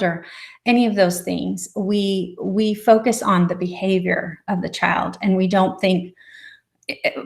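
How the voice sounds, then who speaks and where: A middle-aged woman, a family therapist, giving a parenting talk in a gentle, encouraging way, sometimes acting out short exchanges with a child. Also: medium pitch, gravelly. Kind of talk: presentation with slides.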